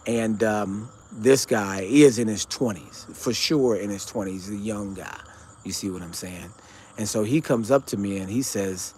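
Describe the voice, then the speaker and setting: A man's voice: lowish voice, unhurried, darkish tone, slight background noise. A man hosting his own show, telling a story in a rambling, conversational way with lots of fillers and restarts. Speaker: show host recounting an encounter. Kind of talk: casual storytelling monologue.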